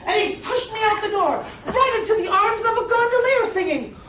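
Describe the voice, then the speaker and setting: Contest speaker, woman, theatrical tall-tale telling with sound effects; high-pitched, recorded far off in an echoey room. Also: animated, a little fast, a bit bright, dull audio, a little hiss or hum. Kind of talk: performed comic tall tale. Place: contest hall.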